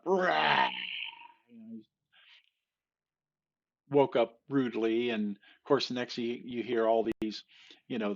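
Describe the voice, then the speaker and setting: A man with a low, gravelly voice tells a long joke at an easy pace, stopping often for fillers and restarts. The recording sounds dull and lo-fi. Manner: rambling, many fillers and restarts. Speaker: joke teller. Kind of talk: casual storytelling.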